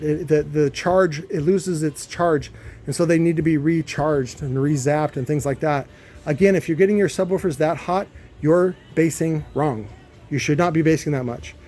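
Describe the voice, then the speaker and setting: A man's voice: on the high side, darkish tone. A man in his warehouse workshop, rambling in a casual vlog rant, swearing freely and full of fillers and restarts. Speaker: car audio subwoofer builder.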